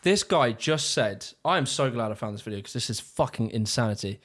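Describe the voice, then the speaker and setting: A man's voice: mid-range voice, expressive, fairly quick, a bit bright, slight background noise. A man ranting sarcastically in exasperated, profane commentary on a video he is watching. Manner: sarcastic, exasperated, swears freely. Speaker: YouTube reaction commentator.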